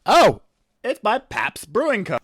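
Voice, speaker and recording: High-pitched with huge pitch swings and a breathy edge, a man's slightly bright voice moves at a measured pace as he co-hosts a podcast. He chats casually, rambling, stumbling, and correcting himself. No room sound; clean studio sound.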